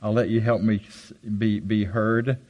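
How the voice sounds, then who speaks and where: An older man giving an animated, self-deprecating storytelling talk to a live audience on a handheld mic. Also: measured pace, rough recording. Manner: animated, jumps high for quoted voices. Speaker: guest speaker. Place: hall with audience. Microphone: handheld microphone.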